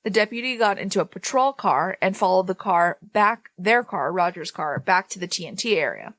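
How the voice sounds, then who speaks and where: A woman's voice: lowish voice, lively intonation, moderate pace, fairly bright tone, dry recording. A woman podcast co-host reading a paranormal story aloud, breaking off now and then to laugh and joke with her co-host.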